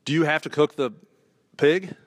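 A man's voice: fairly high pitch, moderate pace, dry recording. A man hosting a talk show, asking rambling questions and joking with his guests. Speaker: radio show host. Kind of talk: casual interview.

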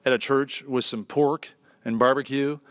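A man hosts a radio talk show, asking rambling questions and joking with guests in a casual interview. His mid-range voice is fairly even and fairly bright at a moderate pace, recorded at studio quality with no room sound.

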